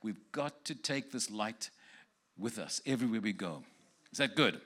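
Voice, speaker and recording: A man preaching in a church, speaking prophetic words over people in the congregation one at a time. His voice is bright and forward, and he moves easily between joking and earnest blessing. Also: fairly low pitch, expressive, normal speed, husky. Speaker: guest preacher.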